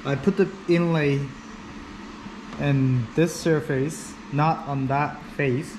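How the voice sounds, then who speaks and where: A man's voice: on the high side, fairly even intonation, takes it slowly, noisy background. A man who wraps cars, narrating his shop work casually with many fillers and restarts. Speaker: vinyl wrap installer. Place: workshop.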